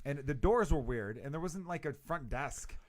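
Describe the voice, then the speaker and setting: A man's voice: a little high, animated, moderate pace. A man in his thirties hosting a podcast, telling a story in casual chat, swearing and acting out quotes. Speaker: podcast host.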